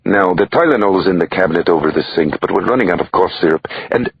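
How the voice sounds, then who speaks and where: A man's voice: deep voice, fast talker, creaky, husky, no echo, muffled recording, exaggerated voice. A man voicing a stubborn, loyal young Irish nanny with a lilting brogue and an indignant, teasing way of talking.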